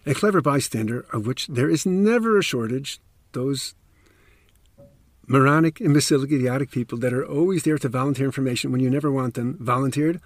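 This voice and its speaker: A man's voice: medium pitch, a little fast, no room sound. A man narrating a true story on a podcast, emphatic with wry asides, close to the mic.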